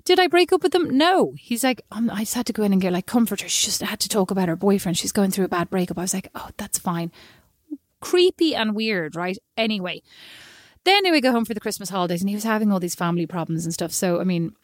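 An Irish woman co-hosting a podcast, telling stories in a casual, animated and self-mocking way. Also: medium pitch, quick pace, dry recording, studio quality. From Ireland. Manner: animated, self-mocking, quotes people in voices. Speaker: podcast co-host. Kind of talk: casual storytelling chat.

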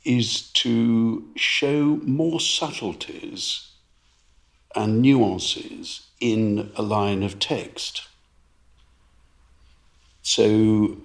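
A man with a gravelly, creaky voice talks slowly and deliberately. He is a conductor co-hosting a podcast, explaining how music shapes words. His delivery stays measured and explanatory throughout. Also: fairly low pitch. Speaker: conductor and co-host. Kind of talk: explanatory podcast chat about opera.

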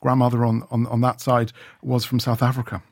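A man's voice: mid-range voice, completely flat delivery, a little fast, dry recording. A man being interviewed in a radio studio, chatting in a rambling way with many restarts. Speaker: radio reporter.

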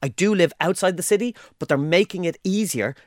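A man's voice: high-pitched, a little fast, dry recording, studio quality. An Irish man co-hosting a podcast in casual chat, stumbling over restarts as he thinks aloud. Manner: animated, stop-start with many restarts. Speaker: podcast co-host.

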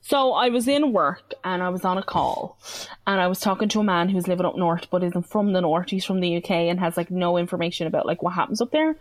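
A woman's voice: lowish voice, fast. A young woman telling a story in casual chat, acting out what others said. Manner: animated storytelling, acts out quoted voices.

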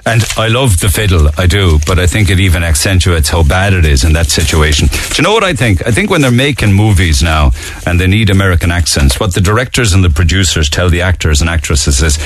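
A man's voice: sits low, lively intonation, a little fast, a little hiss or hum. A man with a Cork accent hosting a radio show in casual, chatty, mocking talk. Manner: chatty, mocking, laughs easily.

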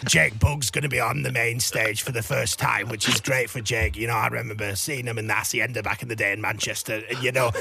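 A man's voice: medium pitch, fairly even intonation, a little fast, gravelly, hardly any pauses, pitched below the performer's own voice, natural voice. A man doing an impression of a chatty male music festival promoter with a Mancunian accent, in upbeat promoter patter. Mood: enthusiastic.

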